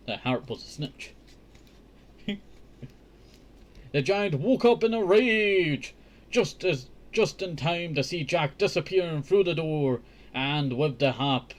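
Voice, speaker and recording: Male host reading a kids' book, slow and fairly high-voiced, with joking asides. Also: animated. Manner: chatty, joking asides, says "I tell you" often. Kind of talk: casual storybook reading with commentary.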